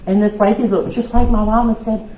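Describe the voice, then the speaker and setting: A woman, giving a loud, lively personal testimony at a women's conference. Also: on the high side, fairly quick. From South Louisiana. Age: 60s. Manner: loud, lively storytelling with laughs and acted-out voices. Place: church hall. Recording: echoey hall with faint noise.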